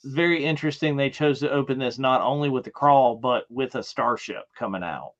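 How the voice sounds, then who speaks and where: Animated co-host, slightly dull audio. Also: mid-range voice, fairly quick. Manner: animated, reacts loudly to scenes. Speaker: podcast co-host. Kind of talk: casual watch-along chat.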